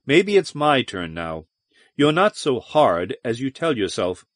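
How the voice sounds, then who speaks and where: A man voicing a weary, brooding male starship captain in an audiobook, in a low, measured delivery. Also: big pitch swings, no echo, studio quality. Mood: teasing.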